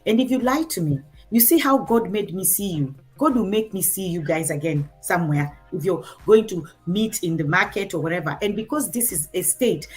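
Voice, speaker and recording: A middle-aged guest with a Kenyan accent and a breathy, mid-range voice relates a parenting story during a conversation. Her telling is lively, and she acts out each quote.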